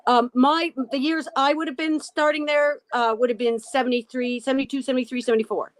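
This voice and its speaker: A woman's voice: high voice, steady tone, brisk, no echo. A woman from Canada, a guest on a video-call interview, speaking hesitantly with many restarts.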